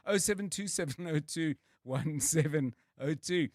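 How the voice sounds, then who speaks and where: A man's voice: on the high side, unhurried, darkish tone, dry recording, clean studio sound. A man with a South African accent hosting a radio show, joking and teasing his co-hosts in casual chat.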